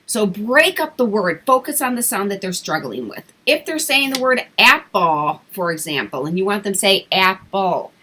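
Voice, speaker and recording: Woman, online English teacher, bright tone, casual vlog tips, clear slow modeling of words. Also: mid-range voice, big pitch swings, a little hiss or hum, rough recording. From English-speaking country.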